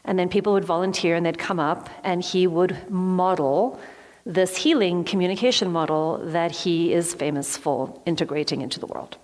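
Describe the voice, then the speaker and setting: Her voice is fairly low and darkish, at a normal speed. She's a motivational speaker addressing a live crowd in a big hall, recounting a personal story while acting out how she reacted, with long reverb from the hall on the recording.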